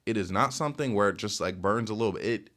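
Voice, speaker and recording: Fast, rambling young man telling stories. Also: fairly bright tone. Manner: rambling, lots of filler "like" and "bro", jumps in pitch. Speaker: storytelling vlogger. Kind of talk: casual storytime rant.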